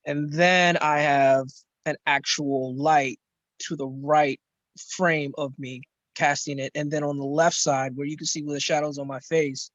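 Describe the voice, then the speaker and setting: A man's voice: on the high side, a bit bright, no echo. A young man explaining things in a loose, rambling way with many fillers, as a student on a group video call. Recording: muffled dry video call audio.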